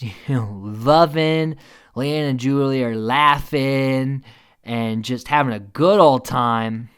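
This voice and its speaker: With a smooth, medium-pitched voice, a man offers a casual, opinionated recap commentary. He's animated, swears and fills his talk with many fillers.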